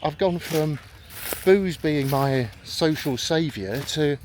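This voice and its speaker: A man's voice: on the high side, slow pace, darkish tone. Rambling man on a park walk. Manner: chatty storytelling, acts out quoted voices. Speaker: vlogger. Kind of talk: rambling walk-and-talk vlog. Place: outdoors in a park. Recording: faint outdoor background noise.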